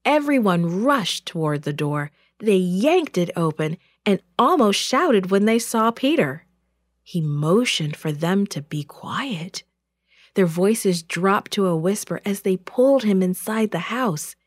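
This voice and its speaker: A woman reads a children's story aloud, slowly and clearly. Her pitch moves a lot as she makes the story vivid. The recording is dry and close, with no room sound. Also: dry recording. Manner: slow and expressive.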